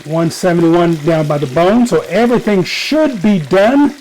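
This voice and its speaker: A man's voice: sits high, normal speed, a little mellow, slight background noise. A man hosting a casual home cooking show, chatting to viewers and joking at himself as he cooks in his kitchen.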